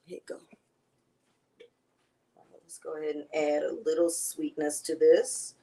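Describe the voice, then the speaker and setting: A woman's voice: sits low, flat delivery, a little slow, mellow, low-quality recording. A woman, chatting to viewers as she hosts a casual cooking demonstration. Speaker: cooking show host.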